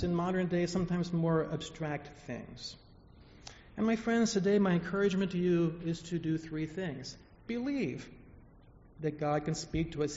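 A man preaching a sermon, telling stories emphatically and letting phrases fall soft at the end, then leading a prayer. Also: fairly high pitch. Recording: echoey hall, dull lo-fi sound.

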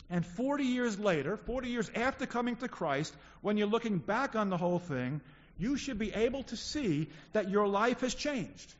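A man preaching a sermon to his congregation in an earnest, teaching way, often repeating his key phrases for emphasis. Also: sits high. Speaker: pastor. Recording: dull recording in a reverberant hall.

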